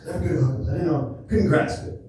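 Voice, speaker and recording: A man's voice: fairly high pitch, fast, dark tone, recorded from a distance, a little hiss or hum. A young man doing a crude, rambling stand-up set on a comedy club stage into a handheld mic, laughing through his own jokes. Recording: echoey club audio, heard from afar. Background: laughing crowd.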